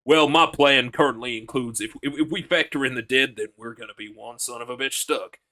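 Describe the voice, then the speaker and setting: A man's voice: mid-range voice, fairly quick, bright, forceful tone, natural voice. A man doing an impression of a stiff, nerdy man, speaking with a drawl in an overly formal way. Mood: matter-of-fact.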